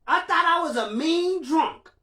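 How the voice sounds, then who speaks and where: A man's voice: extremely high pitch, animated, measured pace, sharp tone. A man hosting a livestream, talking candidly and emotionally and swearing freely. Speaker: livestream host.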